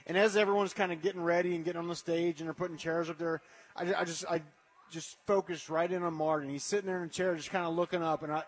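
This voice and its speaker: Male radio co-host, a bit high, conversational. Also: little pitch movement, quick pace. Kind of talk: casual radio chat.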